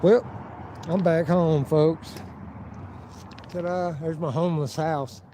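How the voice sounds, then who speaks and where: Brief: a fairly high-voiced man walking outside on a phone stream, rambling and swearing through his stories, with loud street noise behind him. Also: steady tone, measured pace, rough recording. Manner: profane, rambling storyteller who acts out quotes. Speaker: live-streaming vlogger. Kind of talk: casual live-stream vlog, walking outdoors. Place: outdoors by a river and town streets.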